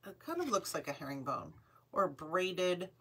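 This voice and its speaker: A woman's voice: fairly low pitch, big pitch swings, moderate pace, fairly bright tone, slightly rough. A woman hosting a live online jewelry sale, chatting upbeat and calling out item numbers. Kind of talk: live shopping stream chat.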